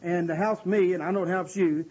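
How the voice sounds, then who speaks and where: A man preaching a sermon and explaining scripture in an earnest, conversational way, often pausing with "uh.". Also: high-pitched, steady tone, darkish tone, breathy edge. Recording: dull lo-fi recording.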